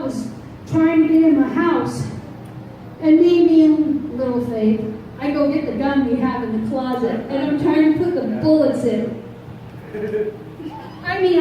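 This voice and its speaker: A woman preacher telling a testimony in an animated way, acting out the voices in her story. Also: sits high, highs cut off, a little hiss or hum. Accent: Northeastern US. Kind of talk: testimony sermon. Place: church sanctuary. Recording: echoey church from far off.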